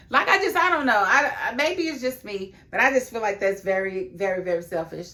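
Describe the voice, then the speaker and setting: A woman giving a casual video review of a TV episode, talking emphatically and laughing often, then dropping into a lower, confiding tone. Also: a little fast, few pauses. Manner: emphatic and animated, with frequent laughs; chatty, drops into a low, confiding tone.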